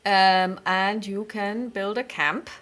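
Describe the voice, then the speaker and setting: A woman narrating a tabletop game as game master, relaxed and rambling. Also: mid-range voice, takes it slowly.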